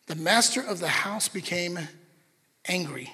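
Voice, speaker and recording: Male pastor, high bright voice, lively sermon delivery, long hall reverb. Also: slow pace, long pauses. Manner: animated, chatty asides to the congregation.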